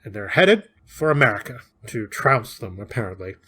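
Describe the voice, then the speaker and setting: A man's voice: medium pitch, very animated, moderate pace, sharp tone, slightly rough. A man co-hosting a podcast, casually recapping and discussing a classic novel, chatty and often laughing. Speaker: podcast co-host.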